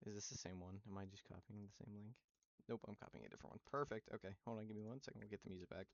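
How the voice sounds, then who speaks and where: Low-voiced man running a tabletop game. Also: fairly even intonation, very fast, vocal fry, dry recording, dull audio. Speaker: game master.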